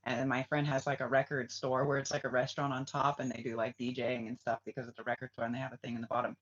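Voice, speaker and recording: A man hosting a casual livestream, rambling and swearing, dropping to a hush and then flaring up heatedly. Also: medium pitch, little pitch movement, quick pace. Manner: rambling, profane, swings from hushed to heated. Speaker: spiritual reader and livestream host. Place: Bali, Indonesia. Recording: dull lo-fi livestream audio.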